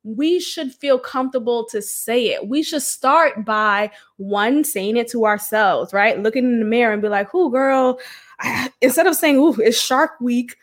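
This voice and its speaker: A woman's voice: a little high, moderate pace. A young adult woman hosting a podcast, talking bluntly and frankly with swearing and laughs. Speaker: podcast host. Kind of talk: candid solo podcast talk.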